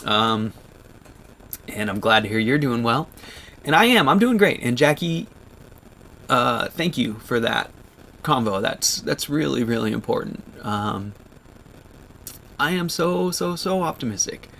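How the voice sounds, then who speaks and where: A man in his thirties talking to viewers on a livestream, choked up and halting, with many restarts. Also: mid-range voice, animated, creaky, fairly bright tone, a little hiss or hum. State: choked up, near tears. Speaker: vlogger on a livestream. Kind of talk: emotional livestream chat.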